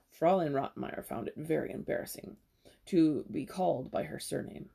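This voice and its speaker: A young woman reads a children's novel aloud, stopping now and then for casual asides. Her voice is strongly gravelly and a bit husky, with a dark, mellow tone. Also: low-pitched, normal speed. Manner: casual asides between passages. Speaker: storyteller.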